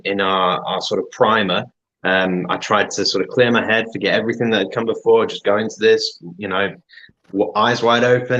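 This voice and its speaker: A lower-pitched British man talks over a dull, lo-fi video call line. He chats casually as a guest co-host and often stops and restarts his thoughts. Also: fairly bright tone. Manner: hesitant, many restarts. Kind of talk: casual chat.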